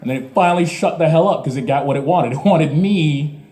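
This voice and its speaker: A man's voice: on the high side, fairly quick, darkish tone. A man in his twenties doing open mic stand-up, with crude, ranting, self-mocking jokes. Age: 20s. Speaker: stand-up comedian. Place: small comedy venue.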